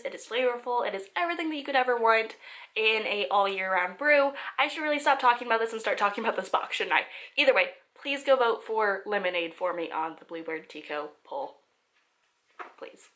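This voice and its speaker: A woman chatting casually as she unboxes a package at a table, excitable and giggly, talking to the items as she finds them. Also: fairly high pitch. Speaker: vlogger. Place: indoors at a table.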